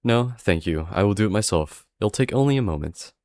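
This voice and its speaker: A man's voice: on the low side, expressive, a little mellow, no room sound. A man reading as a poised, courteous young lady. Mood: gracious. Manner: polite, formal, measured. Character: elegant composed young woman host.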